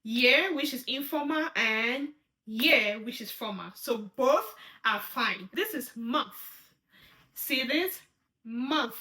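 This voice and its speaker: Female sign language teacher, high bright voice, patient and repetitive, checks in often. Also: lively intonation, slow pace. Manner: patient, repeats each sign word, checks in with "right?". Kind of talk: step-by-step instruction.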